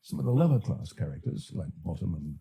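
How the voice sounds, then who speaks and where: Older man, Australian accent, gravelly, dark tone, thoughtful and halting. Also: low-pitched, sing-song. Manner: thoughtful, halting, many fillers and restarts. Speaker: actor and director, guest. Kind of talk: podcast interview.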